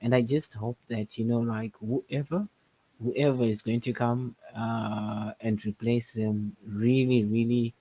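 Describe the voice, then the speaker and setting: A man's voice: mid-range voice, flat delivery, unhurried, warm tone, poor audio. A man chatting casually on a livestream, hesitant, with lots of fillers and some laughter. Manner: hesitant, many fillers, laughs between points. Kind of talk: casual chat.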